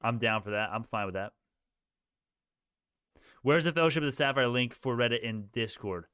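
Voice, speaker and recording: Smooth-voiced man hosting a casual stock stream. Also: mid-range voice, moderate pace, a bit bright, no echo, clean studio sound. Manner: rambling, casual, thinking aloud. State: sleepy, yawning. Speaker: stock livestream host. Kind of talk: live stream chat answering viewers.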